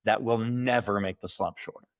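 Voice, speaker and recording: A man's voice: on the low side, steady tone, normal speed, no echo, clean studio sound. A man around forty co-hosting a podcast, talking emphatically and acting out mocking cheers. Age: late 30s to early 40s. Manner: emphatic, voices mock cheers loudly. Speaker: podcast co-host. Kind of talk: casual opinion chat.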